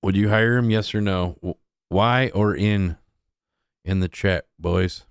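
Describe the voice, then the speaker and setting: A man's voice: low voice, unhurried, clean tone, dry recording, clean studio sound. A man hosting a livestream, reacting to clips in a casual, mocking, offhand way and talking to his chat. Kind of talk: casual crude reaction commentary.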